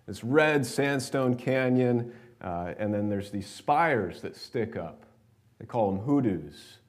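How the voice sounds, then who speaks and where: A man's voice: mid-range voice, expressive, takes it slowly. A male pastor with an American accent leading a church service, reading scripture, praying, then preaching in a conversational storytelling way to his congregation. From New York. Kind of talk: sermon with scripture reading and prayer. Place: church sanctuary.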